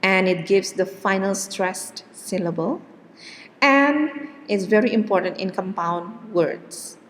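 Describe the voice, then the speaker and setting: A woman's voice: mid-range voice, animated, slow pace, slight background noise. A woman teaching an English pronunciation lesson, speaking patiently, checking in with "okay" and repeating words with exaggerated stress. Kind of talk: recorded pronunciation lecture. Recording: long hall reverb.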